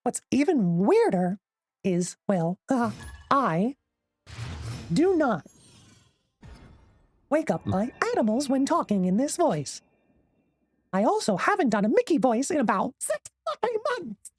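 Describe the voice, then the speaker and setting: A man streaming a card game while putting on a squeaky, high cartoon mouse voice and swearing in character. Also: big pitch swings, a little slow, long pauses, heavily acted. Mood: squeaky playful. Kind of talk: live game stream chat.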